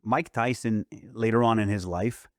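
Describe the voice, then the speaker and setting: A man in middle age talks in an earnest, reflective way, as a podcast host. His voice sits fairly low. The recording is close and dry, with no room sound. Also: normal speed, dry recording. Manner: earnest, reflective, quotes others in lively retellings. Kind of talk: earnest casual chat.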